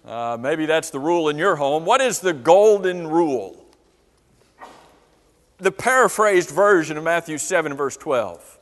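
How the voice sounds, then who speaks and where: In a church classroom with long hall reverb, a Bible class teacher leads the lesson by putting many questions to the class. His voice is on the high side, animated and unhurried.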